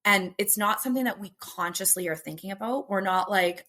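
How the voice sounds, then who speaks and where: A woman guest on a podcast explains her ideas in an animated, emphatic way. She jumps into playful voices to act out what people think. Her pitch sits at a mid-range level for a woman. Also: fairly quick. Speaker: guest, stress coach. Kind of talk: explaining in an interview.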